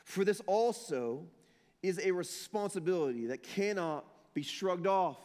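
Fiery preacher in a big echoing hall. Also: male voice, high-pitched, expressive, unhurried. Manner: dynamic, swings from shouting to hushed, acts out quotes. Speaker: pastor. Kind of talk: sermon.

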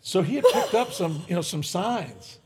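Husky older man telling folksy stories. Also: sits high, moderate pace. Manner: folksy, animated storyteller acting out quotes. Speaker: guest, former baseball manager. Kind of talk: casual interview storytelling. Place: podcast studio.

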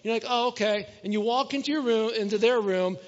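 A man's voice: high-pitched, fast. A middle-aged man preaches a sermon in a casual, conversational way. He keeps asking the congregation questions and acts out little household scenes. The recording is dull and muffled. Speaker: pastor. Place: church hall. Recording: dull sound with long hall reverb.

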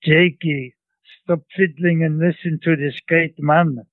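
A man voicing an insistent tiny old grandmother with a strong put-on Central European accent, speaking slowly and emphatically. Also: on the high side, fairly even intonation, dry recording, pitched above the performer's own voice. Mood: scolding. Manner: scolding, slow and emphatic. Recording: phone-like line.

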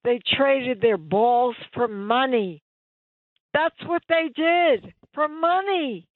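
A woman's voice: sits high, expressive, slow pace, no room sound. A woman from New York calling in to a radio show, gushing and blunt in her emphatic way. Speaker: caller. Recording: tinny phone line.

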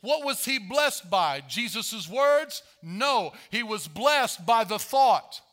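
Man, pastor, sermon, high-pitched, lively storytelling. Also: slow. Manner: animated preaching, acts out Bible voices.

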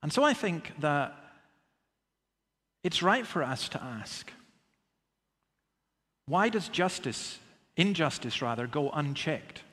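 A man's voice: fairly high pitch, big pitch swings, slow, long pauses, fairly bright tone, in a large hall. A man preaching a sermon in an earnest, emphatic way, often asking rhetorical questions.

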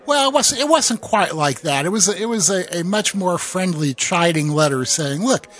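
Higher-voiced man, opinionated podcast talk. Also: expressive, normal speed, a bit bright. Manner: opinionated, stammering restarts. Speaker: podcast co-host. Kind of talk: casual chat.

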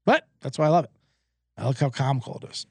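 Excitable, rambling male podcast host. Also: medium pitch, fast talker, vocal fry, slightly rough, no room sound, studio quality. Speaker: podcast host and sports bettor. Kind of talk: casual sports betting rant. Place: small booth, alone.

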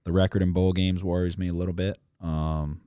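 A man's voice: low-pitched, level tone, fairly quick, warm tone, smooth, no echo, clean studio sound. A man co-hosting a casual sports betting chat, blunt and profane, rambling through his picks with lots of fillers.

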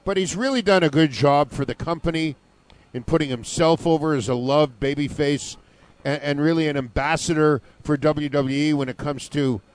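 A man's voice: fairly high pitch, moderate pace. A man co-hosting a wrestling radio show, chatty, laughing easily and swearing for emphasis. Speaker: wrestling podcast co-host. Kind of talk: casual profane commentary.

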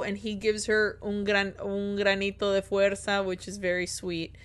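A woman's voice: medium pitch, normal speed, smooth. Swearing woman recapping a film. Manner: lively storytelling, acts out characters, swears freely. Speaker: podcast co-host. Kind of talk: casual film recap chat.

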